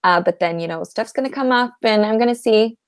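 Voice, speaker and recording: A woman writer on a live workshop panel, speaking earnestly and thoughtfully with small pauses. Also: a little high, smooth. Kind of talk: casual live video chat.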